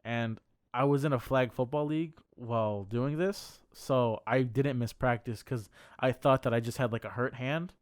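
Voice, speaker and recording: Here a young man co-hosts a podcast, rambling through a long, casual personal story packed with swearing and fillers. His voice is smooth and mid-range at a normal speed. The sound is clean studio quality without echo.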